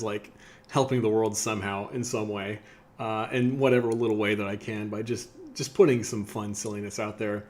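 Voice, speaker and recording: Chatty man hosting a lunchtime livestream. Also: medium pitch. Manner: chatty, many fillers, laughs at what he reads. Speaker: livestream host. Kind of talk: casual livestream reading satire aloud.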